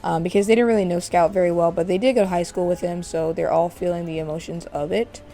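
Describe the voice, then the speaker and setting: A woman's voice: lowish voice, steady tone, quick pace, warm tone. A woman hosting a casual let's-play, chatting as she narrates her game. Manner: chatty, narrates while playing. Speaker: gaming channel host.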